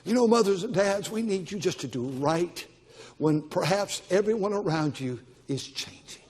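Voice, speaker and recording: A man's voice: high voice, animated, moderate pace, darkish tone, breathy edge. An older man preaching a Baptist sermon as pastor, with emphatic, repetitive exhortation. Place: church auditorium. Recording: long church-hall reverb.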